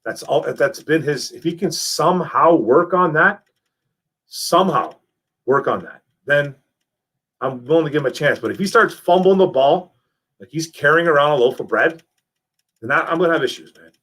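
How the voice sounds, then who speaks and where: A young man hosting a casual live stream, reading chat messages and talking football in a lively, repetitive way, calling people man and bro. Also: on the high side, moderate pace, husky. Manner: animated, repeats himself, calls people man and bro.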